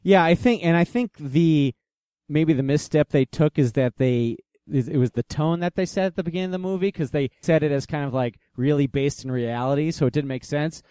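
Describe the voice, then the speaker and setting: A young man co-hosts a podcast in easy, casual chat, often laughing and putting questions to the others. His voice sits a touch high and sounds smooth and clear. The recording is close and dry. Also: a little fast, dark tone, no room sound. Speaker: podcast co-host.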